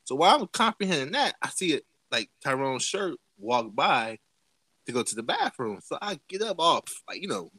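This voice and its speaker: Animated man telling a wild story. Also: normal speed, slightly rough, no echo. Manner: animated, profane, acts out quoted voices with big pitch jumps. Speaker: podcast host. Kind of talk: casual storytelling among friends.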